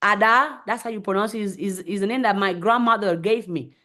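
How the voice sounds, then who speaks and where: A woman's voice: mid-range voice, fast. A woman hosting a motivational live stream, speaking emphatically and repeating phrases for effect. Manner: acts out voices in quotes.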